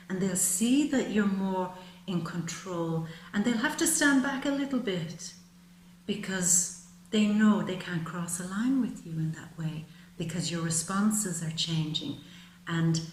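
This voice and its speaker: A woman speaking at a middle pitch gives a tarot reading in a soothing, emphatic way and drops into soft whispers now and then. She calls her listener "baby" and "my love". The room is echoey, with a faint hum behind her. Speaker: tarot reader. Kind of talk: monthly tarot reading to camera. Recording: roomy with faint ambient noise.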